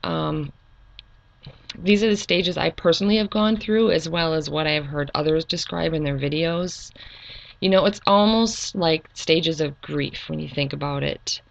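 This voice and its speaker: A middle-aged woman talking earnestly and hesitantly in a personal video monologue, pausing with frequent ums. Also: low-pitched, gravelly, lo-fi sound. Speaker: YouTube channel creator.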